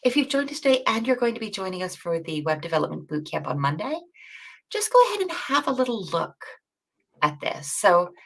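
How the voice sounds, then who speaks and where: A woman co-hosting a coding bootcamp livestream, chatty and self-deprecating with quick asides. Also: mid-range voice, very animated, vocal fry. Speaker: bootcamp co-host. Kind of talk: casual livestream teaching chat.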